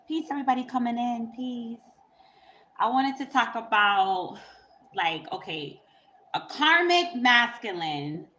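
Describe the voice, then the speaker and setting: A woman's voice: medium pitch, a bit bright, a little hiss or hum, low-quality recording. A woman tarot reader telling a story in a rambling, profane, casual way on a livestream, often breaking into laughter.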